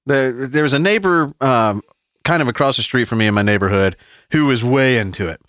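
A man's voice: mid-range voice, brisk, no echo, studio quality. A man in his forties, a podcast co-host, telling stories in casual, profane chat with frequent laughs. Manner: profane, animated storytelling with laughs.

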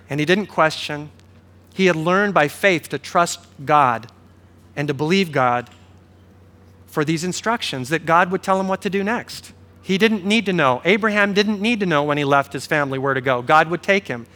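A man's voice: sits high, sharp tone. A man preaching a sermon in a conversational, storytelling way, acting out quoted dialogue. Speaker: pastor.

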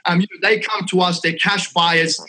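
An Australian man talking as a podcast guest, energetic and salesy, dropping "mate" and "right?" all through his talk. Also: high-pitched, moderate pace, slight background noise, low-quality recording. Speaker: real estate investment company owner, podcast guest. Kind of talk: casual podcast chat.

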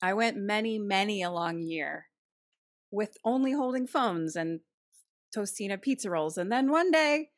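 A woman's voice: medium pitch, animated, measured pace. A young woman, a guest on a podcast, telling stories in a casual, giggly way. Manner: giggly storyteller. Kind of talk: casual chat.

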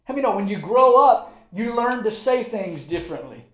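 A man preaching in a church with a notably high voice, speaking in a folksy, joking manner. The sound carries a roomy echo from the sanctuary. He is middle-aged. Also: animated, fairly quick. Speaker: pastor. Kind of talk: sermon. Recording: echoey church room.

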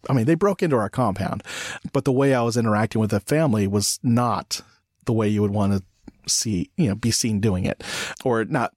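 A man's voice: on the low side, a little mellow, no echo. Reflective man hosting a podcast, dry close sound. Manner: reflective, halting with frequent restarts. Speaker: podcast host. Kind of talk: casual podcast conversation.

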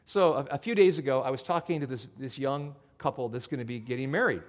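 A man preaching a sermon as pastor, in an animated, conversational storytelling way. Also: medium pitch, fast talker.

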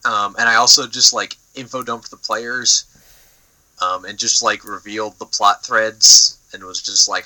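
A man's voice: on the low side, steady tone, moderate pace, pushed and bright, rough recording. A young man chatting casually on a podcast, rambling with lots of fillers and the odd swear word. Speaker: podcast co-host. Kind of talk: casual chat.

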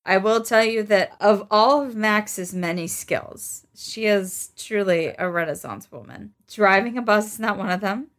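A woman's voice: mid-range voice, unhurried, hardly any pauses, fairly bright tone. A woman playing a tabletop role-playing game, talking in a chatty, playful way with fillers and self-corrections. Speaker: player.

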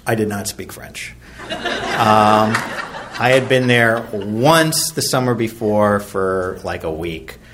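A middle-aged man from Virginia tells his recovery story in a rambling, self-deprecating way, full of fillers and restarts. His voice sits a little low. A faint hum of room noise runs behind him. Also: takes it slowly. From Virginia, USA. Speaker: recovery meeting speaker.

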